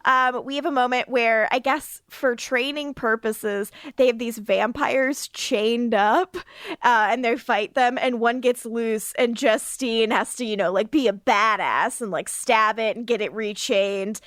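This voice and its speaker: A woman with a fairly high voice, recapping episodes on a casual rewatch podcast. She talks in an animated way, acts out the characters' lines and laughs often. The sound is dry and close to the mic. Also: unhurried, no echo. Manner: animated recapping with acted quotes and frequent laughs. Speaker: podcast co-host.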